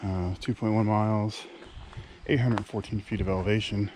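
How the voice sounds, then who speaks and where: Man, thirties, relaxed hiking vlog chatter, lowish voice, outdoor camera sound with wind. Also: normal speed. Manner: relaxed, chatty, many fillers. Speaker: hiking vlogger. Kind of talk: casual vlog narration. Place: outdoors on a wooded trail. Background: wind, outdoor nature sounds.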